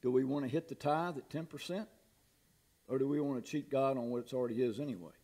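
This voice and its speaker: A man's voice: mid-range voice, quick pace, dark tone. A man preaching a sermon in a folksy storytelling way, laughing at his own jokes. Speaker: pastor.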